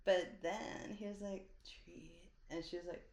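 A woman co-hosting a casual podcast, talking in an animated, storytelling way. Her voice sits at a middle pitch and carries a noticeable room echo. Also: moderate pace, crowd noise. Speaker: podcast co-host. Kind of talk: casual chat. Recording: echoey room.

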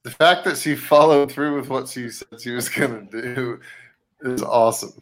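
A man's voice: mid-range voice, normal speed, fairly bright tone. A man co-hosting a live podcast in casual chat, laid-back and joking, laughing often. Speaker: podcast co-host.

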